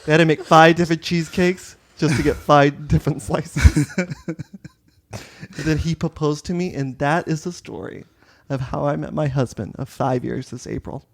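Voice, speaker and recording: A man's voice: a little high, steady tone, moderate pace, gravelly. A man telling comedic stories in a casual podcast chat, playful and theatrical, slipping into sassy quoted voices.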